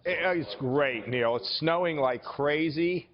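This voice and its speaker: A man's voice: a little high, takes it slowly. A man in his sixties from Ohio, a political candidate speaking upbeat and insistent in a remote TV interview, often saying the interviewer's name. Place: outdoors in snowy weather. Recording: dull lo-fi broadcast feed with long reverb.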